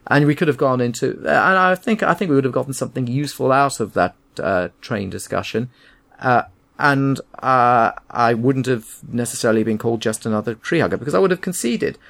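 A man's voice: medium pitch, brisk, gravelly, a bit bright. A man co-hosting a podcast, arguing his opinions emphatically in casual chat, often restarting his sentences. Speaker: podcast co-host.

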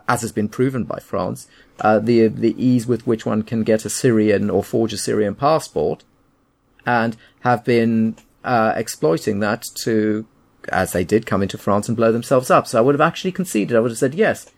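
Creaky-voiced opinionated man. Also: lowish voice, lively intonation, moderate pace. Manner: opinionated, emphatic, with frequent restarts. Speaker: podcast co-host. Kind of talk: casual argumentative chat.

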